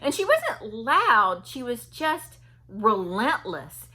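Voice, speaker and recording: A woman's voice: a little high, wildly swooping pitch, takes it slowly, sharp tone, husky. A woman vlogger telling a story casually and animatedly, imitating people and laughing often.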